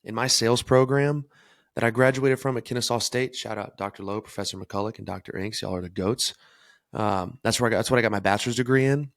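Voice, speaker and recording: A man's voice: mid-range voice, quick pace, fairly bright tone, no echo, clean studio sound. A young man hosting a solo podcast, talking energetically and emphatically about self-improvement. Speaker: podcast host.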